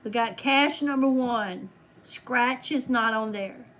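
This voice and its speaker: A woman with a high voice hosts a relaxed trivia game among friends. She reads each question and answer at an easy, drawn-out pace, teasing the players as she goes. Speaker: game host.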